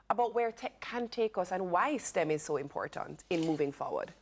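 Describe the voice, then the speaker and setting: A woman hosting a morning TV show, chatty and playful, quick to affirm her guests. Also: on the high side, animated, gravelly. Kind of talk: TV interview.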